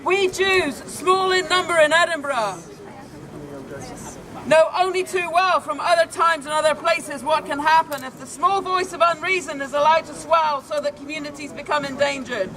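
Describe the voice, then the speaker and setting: A man with a very high, bright voice reads out a statement at a rally. His delivery is earnest and formal. A faint crowd can be heard behind him. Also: normal speed. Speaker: rally speaker. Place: outdoors on a city street.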